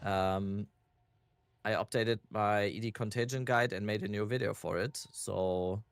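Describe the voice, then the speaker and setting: Easygoing lower-voiced streamer man. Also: steady tone, unhurried, vocal fry, smooth, no echo. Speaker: guest streamer. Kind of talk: casual stream chat. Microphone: wireless headset.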